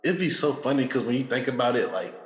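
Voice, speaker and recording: A man's voice: mid-range voice, animated, quick pace. A young man co-hosting a casual chat, making laid-back, slangy remarks. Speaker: podcast co-host. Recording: roomy, reverberant, dull sound.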